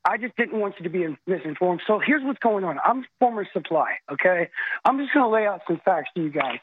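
A man whose voice sits high calls in to a radio show, expressive and brisk, with slight background noise on a tinny phone line. An army veteran, he pleads intensely in an impassioned rant, his voice cracking with feeling.

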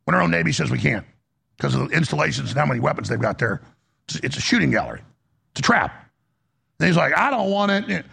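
A man's voice: medium pitch, expressive, quick pace, vocal fry, long pauses, pushed and bright, breathy edge. A man hosting a political commentary show, heated and emphatic, often restarting his sentences.

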